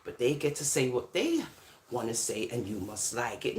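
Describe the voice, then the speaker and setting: A woman's voice: a bass voice, huge pitch swings, moderate pace, fairly bright tone, reverberant. A woman chatting casually on a live stream, laughing often and switching between patois and standard speech. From born in England, raised in America. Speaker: live-stream host answering comments.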